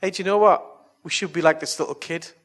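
Male preacher, husky tone, pitched a bit high; chatty storyteller who moves into earnest appeals. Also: fairly even intonation, fast. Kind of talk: evangelistic sermon and altar call.

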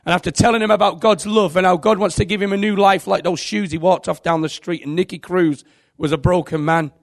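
A man's voice: high-pitched, fairly even intonation, brisk, gravelly. A man preaching a sermon, telling an earnest and emotional testimony.

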